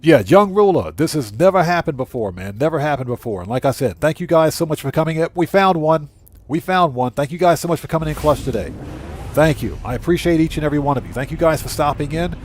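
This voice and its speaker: A man streaming a video game live, chatting casually, reading viewers' messages aloud and thanking them, with his voice going hoarse. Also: fairly high pitch, lively intonation, quick pace. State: losing his voice. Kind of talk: casual live gameplay chat.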